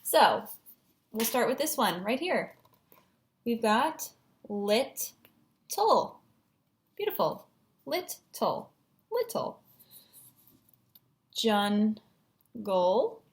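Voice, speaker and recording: A woman's voice: medium pitch, sing-song, slow, long pauses. A woman teacher giving a patient, encouraging phonics lesson at a whiteboard, sounding out syllables.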